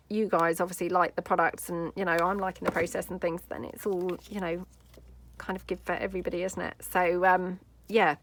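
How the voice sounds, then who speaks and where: A woman with a fairly low, fairly bright voice hosts a casual craft tutorial on a dry recording. Working at her craft table, she rambles and chats, full of "you know" fillers and friendly asides.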